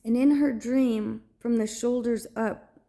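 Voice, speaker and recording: A woman speaks to camera, slowly recounting a dream. Her voice is dark and mellow, with a gravelly edge, and she stops often to find the next word. She keeps her tone earnest and sometimes drops to a hushed softness. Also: on the high side, fairly even intonation. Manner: halting, earnest, searching for words. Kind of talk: personal storytelling to camera.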